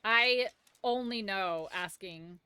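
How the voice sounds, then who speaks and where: A woman's voice: mid-range voice, slow pace, bright, forceful tone, clean tone. A young woman streaming a game, joking, swearing and laughing as she plays. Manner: profane, joking, laughs often. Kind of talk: live gameplay commentary.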